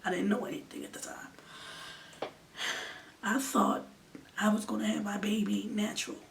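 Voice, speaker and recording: This twenty-something vlogger has a gravelly, medium-pitched voice with a steady tone and moderate pace. Her emotional storytime is earnest, occasionally falling to a near-whisper, recorded on a distant mic with faint noise behind her.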